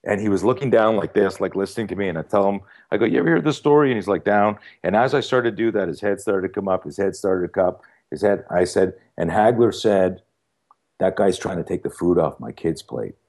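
Deep-voiced man telling a story. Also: brisk. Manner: animated storyteller, many fillers and quoted dialogue. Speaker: podcast guest. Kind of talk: casual storytelling interview.

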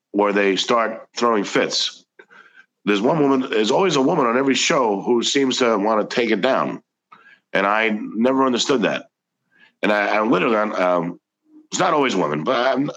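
A man's voice: fairly low pitch, fairly bright tone, poor audio. A man, a comedian guest, telling casual anecdotes in a chatty, rambling way. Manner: chatty, anecdotal, frequent restarts. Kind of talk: casual storytelling.

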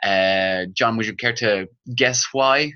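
A man's voice: lowish voice, slow, bright, forceful tone. Chatty man hosting a podcast. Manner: chatty, jokey, with restarts. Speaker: podcast host. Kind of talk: casual chat. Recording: dull lo-fi sound.

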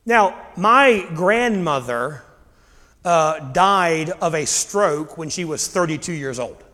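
A man's voice: a little high, animated, takes it slowly, bright, forceful tone. A middle-aged man preaching a sermon as pastor, telling stories conversationally and rising into sudden emphasis. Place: church sanctuary. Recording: long hall reverb.

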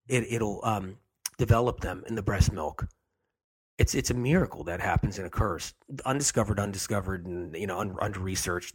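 A man's voice: lowish voice, husky. A man hosting a health show, talking emphatically and repeating his key phrases over and over.

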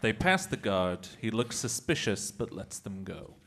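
Deep-ish male improv narrator. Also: big pitch swings, unhurried, very noisy. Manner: narrates stage directions, chuckling. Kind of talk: live improv scene narration.

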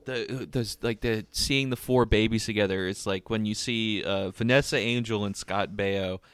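A man's voice: on the low side, steady tone, moderate pace, a bit bright, slight background noise. A young man co-hosting a movie podcast, rambling and swearing in casual chat. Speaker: podcast co-host.

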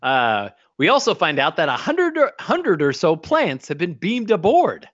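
Animated lo-fi man recapping an episode. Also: fairly high pitch. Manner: animated, rambling, breaks into quick impressions. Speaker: podcast co-host. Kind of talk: casual chat recapping an episode. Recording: dull lo-fi audio.

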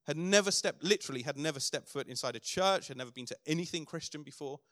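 A man's voice: fairly high pitch, quick pace, fairly bright tone, no echo, studio quality. A middle-aged man preaching a sermon as pastor, earnest, building to emphatic declarations.

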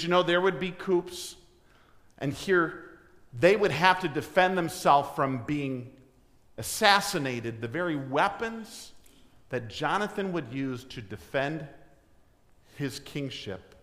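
A man preaching a sermon, asking his congregation questions and swinging from loud emphasis to hushed, near-whispered lines. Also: fairly high pitch, animated, slow pace, long pauses. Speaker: pastor. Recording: long hall reverb.

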